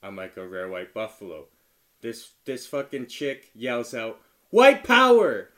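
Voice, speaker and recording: Brief: casual comedian guy, filler-heavy, laughs through his story, dips quiet then bursts loud. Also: unhurried. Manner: laughs often, many "like" fillers, swings from low mumble to loud excited retelling. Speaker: stand-up comedian.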